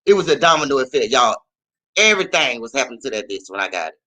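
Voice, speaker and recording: Animated, profane storytelling man. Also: medium pitch, fast, low-quality recording. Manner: animated, profane, repeats phrases. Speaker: vlogger. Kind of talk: casual storytelling.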